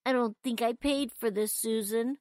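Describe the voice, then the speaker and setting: A woman's voice: sits high, slow, no room sound, clean studio sound, pitched above the performer's own voice. A woman doing a tearful little boy. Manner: sobbing, pleading.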